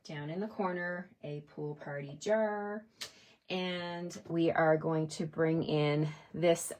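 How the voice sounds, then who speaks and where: A woman's voice: fairly low pitch, a little hiss or hum. A woman giving a chatty, enthusiastic card-making tutorial, talking her viewers through each step. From Canada. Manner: chatty and enthusiastic, addressing viewers as you guys. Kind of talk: crafting tutorial.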